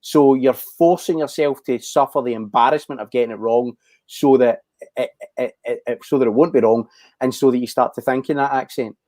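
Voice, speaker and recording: A Scottish man in his forties, an actor talking in a casual interview, thoughtful and halting with frequent restarts. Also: mid-range voice, steady tone, darkish tone, dry recording. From Scotland. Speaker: actor, guest.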